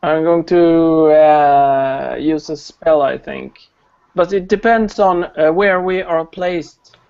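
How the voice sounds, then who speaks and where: A man playing a tabletop game who talks slowly and thinks aloud. His voice is high for a man, with a gravelly, creaky edge. It comes through muffled, like lo-fi voice chat. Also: a little mellow. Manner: unhurried, thinking aloud with fillers. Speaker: player.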